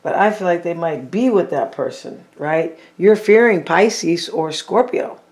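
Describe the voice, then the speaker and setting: A casual tarot reader speaks directly to viewers, mulling over each card as it appears in a loose, chatty, animated way. The voice is middle-pitched, unhurried, and a little mellow, thinking aloud, repeating itself, and hedging with "I feel like." Playful, teasing jokes for the audience slip in now and then.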